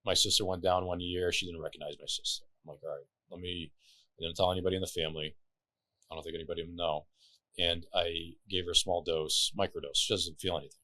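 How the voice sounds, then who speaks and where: A man with a very deep voice talks as a podcast guest, telling stories with an animated, loose manner and casual swearing. His voice is recorded dry and close, with no room sound. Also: quick pace, no echo. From Lebanon.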